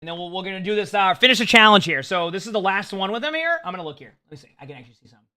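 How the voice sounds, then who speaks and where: Man, game streamer, young adult, voice going hoarse, upbeat, bright tone. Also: high voice, expressive, very fast. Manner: chatty, upbeat, talks to chat between games. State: losing his voice, short on sleep. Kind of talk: casual live-stream chat.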